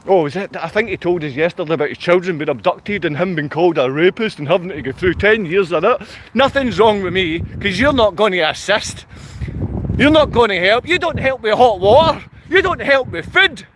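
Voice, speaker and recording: A man's voice: sits high, expressive, fairly quick, a bit bright, a little hiss or hum. A man ranting angrily on a livestream, berating and confronting his viewers in blunt, repetitive bursts. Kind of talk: angry livestream rant.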